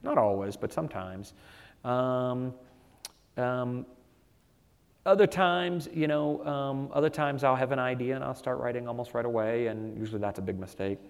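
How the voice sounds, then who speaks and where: A man, an author being interviewed, telling animated anecdotes with lots of "you know" fillers. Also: mid-range voice, normal speed, smooth, long reverb tail. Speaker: author guest. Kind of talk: conversational storytelling.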